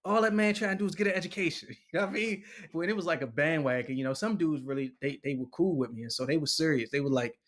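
This is a male poet in his forties giving an interview, relaxed and animated, full of slang, voicing other characters as he tells stories and laughing often. His mid-range voice moves quickly with barely a pause.

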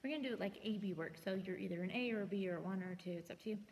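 A woman's voice: mid-range voice, steady tone, very fast. A woman teaching choreography, humming the music and counting beats as she works out the moves. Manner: thinks aloud, hums the beats, counts out loud. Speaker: color guard choreography instructor. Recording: roomy, echoey, from far off, noisy.

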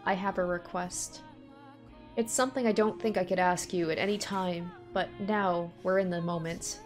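A woman's voice: fairly low pitch, fairly even intonation, normal speed, faint music behind, lightly acted. A woman reading the part of a blunt, demanding young woman from a visual novel, delivering her lines in a pointed, questioning way. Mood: hesitant.

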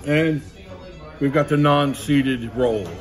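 A man's voice: medium pitch, takes it slowly. A man co-hosting a casual food-review show, enthusiastic and wisecracking as he tastes.

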